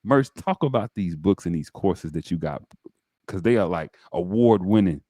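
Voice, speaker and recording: Deep-voiced animated podcast host. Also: male voice, moderate pace, no room sound, studio quality. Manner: animated, preacher-like, addresses viewers directly. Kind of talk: enthusiastic interview talk.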